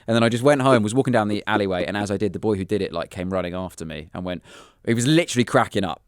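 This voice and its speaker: A thirtysomething British comedian, appearing as a podcast guest, fires off funny stories in a lowish voice at a rapid pace. He performs the voices in his anecdotes with animation, and his clear, resonant tone comes through in a dry, studio-quality recording.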